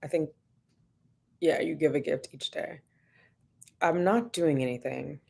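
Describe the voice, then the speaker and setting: Brief: relaxed woman on a home livestream, slightly low pitch, chatty and easygoing, laughs easily. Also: unhurried, vocal fry, breathy edge. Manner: chatty and laid-back, laughs often, greets viewers by name. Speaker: vlogger hosting a livestream. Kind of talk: casual livestream chat greeting viewers.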